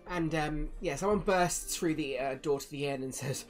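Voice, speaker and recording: Woman game master, low voice, unhurried narration with lots of ums. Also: soft background music. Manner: relaxed, hesitant, many fillers.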